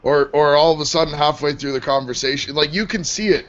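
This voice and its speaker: A man co-hosting a casual talk show, chatty and quick to laugh. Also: a little high, steady tone, a bit bright. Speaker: co-host. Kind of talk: casual chat. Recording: dull lo-fi sound.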